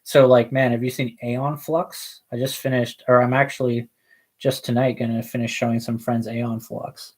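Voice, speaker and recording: A man's voice: mid-range voice, little pitch movement, normal speed. A young man chatting casually and rambling while he paints, laid-back and slangy, with loose asides. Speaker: model painting streamer.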